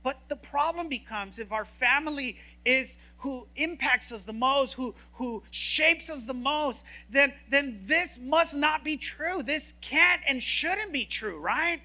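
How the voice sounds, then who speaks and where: A woman preaching a sermon in an animated, joking, emphatic way. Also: high-pitched, takes it slowly, hardly any pauses.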